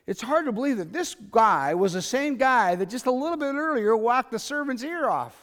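High-voiced man preaching in a reverberant hall. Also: animated, normal speed. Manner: conversational preaching, swings between loud emphasis and quiet asides. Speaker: pastor. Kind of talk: sermon.

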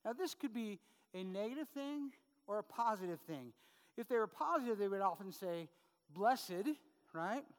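Chatty pastor preaching in a reverberant hall. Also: male voice, high-pitched, expressive, normal speed. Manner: conversational, with frequent "right?" asides. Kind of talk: sermon.

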